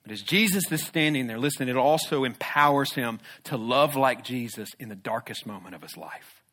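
A man preaching a sermon, moving between loud emphatic declarations and hushed, low, intense passages. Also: expressive, normal speed. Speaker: pastor.

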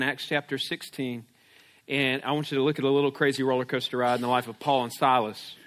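A man's voice: fairly high pitch, a bit bright. A man preaching a sermon, telling a family story with lots of restarts and "right?" check-ins, then reading scripture aloud. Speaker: pastor.

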